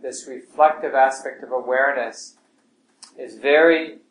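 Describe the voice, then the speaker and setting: A man teaching a meditation class in a calm, gentle way, his voice often sinking soft and low. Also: measured pace, a little hiss or hum. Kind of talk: relaxed meditation class talk. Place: class room with students. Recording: echoey room, faint ambience.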